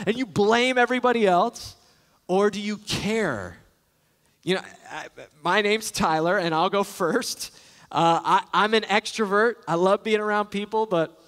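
High-voiced pastor in a reverberant church. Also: male voice, normal speed. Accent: Texan. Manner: conversational, animated storytelling with acted-out exclamations. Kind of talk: sermon. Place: church sanctuary. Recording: live church hall with long reverb.

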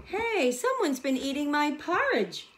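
A woman's voice: high-pitched, sing-song, measured pace, fairly bright tone, slight background noise, pitched above the performer's own voice, exaggerated voice. Woman doing a grumbling father bear.

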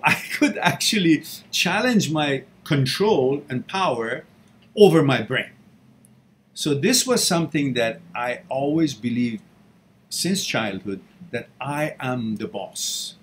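A man's voice: mid-range voice, lively intonation, moderate pace, fairly bright tone. A middle-aged man hosting a live question-and-answer session, telling his own story in an earnest, emphatic way. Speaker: host answering viewer questions. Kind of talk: live Q&A talk.

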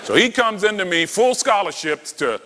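Lively storytelling preacher in a hall. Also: male voice, high voice, normal speed, background noise. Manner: dramatic storytelling, acting out dialogue. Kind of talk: sermon. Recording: long hall reverb.

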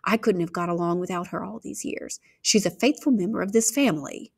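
A woman reading a calm, stern father. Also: on the low side, gravelly, breathy edge. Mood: firm. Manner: even and measured. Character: calm, stern middle-aged father and lawyer.

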